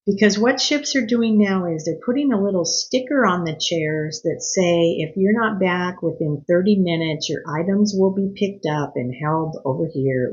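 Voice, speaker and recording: A woman's voice: fairly low pitch, muffled recording. A woman talking casually to her viewers, giving earnest, slightly scolding etiquette advice with chatty asides. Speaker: cruise vlogger. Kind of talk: casual advice talk to camera.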